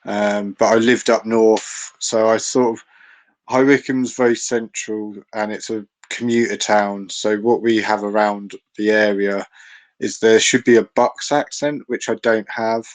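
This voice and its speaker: An English guest with a mixed accent, southern with a northern twang, chats casually on a live audio space. His slightly low voice holds a steady tone at a measured pace, though he rambles, circling back with many fillers and restarts. The recording is rough.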